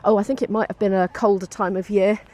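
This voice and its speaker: A woman's voice: mid-range voice, flat delivery, quick pace, darkish tone. Woman vlogger, young adult, chatty and laughing, filmed handheld outdoors. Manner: chatty, laughs often, talks to camera while walking. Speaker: vlogger and musician. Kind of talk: casual vlog chat. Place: outdoors, walking between venues.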